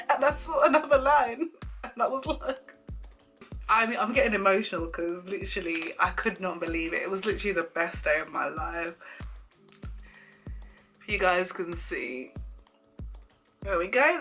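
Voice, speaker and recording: A young woman telling a personal story to camera in casual chat, animated and laughing often as she acts out quoted lines. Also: medium pitch. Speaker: vlogger.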